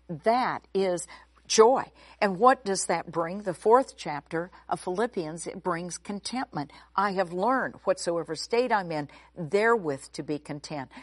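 A woman giving an expository Bible teaching, emphatic, slowing down to stress key words. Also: medium pitch, no room sound.

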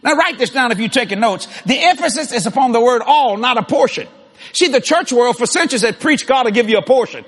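High husky-voiced man preaching loudly. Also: fast. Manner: shouting, boastful, animated preaching with laughs. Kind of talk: sermon.

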